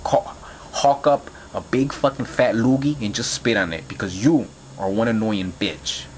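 A man's voice: on the low side, normal speed, slight background noise. Man ranting angrily, swearing freely. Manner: heated, swearing, rambling with many fillers. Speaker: video blogger. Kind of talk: angry profane rant to camera.

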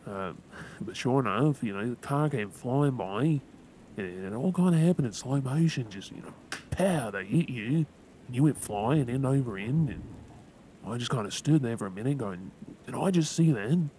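A young Australian man speaks softly in a whispered role-play, calm and comforting with plenty of small pauses and fillers. His voice sits at an ordinary pitch. Steady rain and rolling thunder are plainly audible behind him. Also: slight background noise. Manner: soft, gentle and reassuring, halting with fillers. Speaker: ASMR creator.

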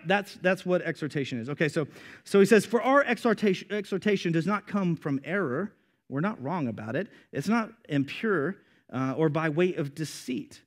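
A young man preaching a sermon with animated delivery, calling for amens and acting out quoted voices. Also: a little high, brisk. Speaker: pastor.

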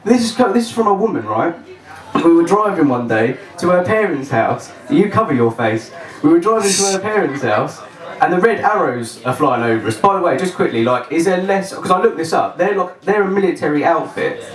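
Dry stand-up, echoey and distant. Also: male voice, on the high side, very animated, a little fast. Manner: dry, chatty, self-mocking. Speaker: comedian. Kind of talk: open-mic stand-up comedy. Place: small venue. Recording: roomy echo, voice from far off.

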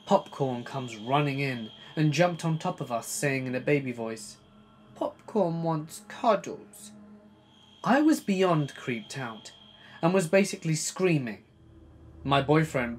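A man reading a scary true story as a narrator, dramatic, swinging between loud bursts and hushed asides. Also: medium pitch, a little hiss or hum. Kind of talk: scripted horror story narration.

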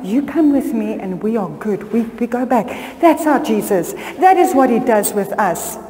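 A woman's voice: a little high, animated, moderate pace, warm tone. A middle-aged woman pastor, preaching a sermon and telling stories that rise to fervent appeals. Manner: storytelling, rising to fervent appeals. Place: church hall. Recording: long church hall reverb.

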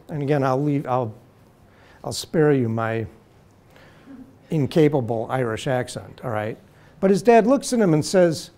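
A man giving a university law lecture in a deliberate, measured way, slowing to stress key terms. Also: mid-range voice, expressive, mellow.

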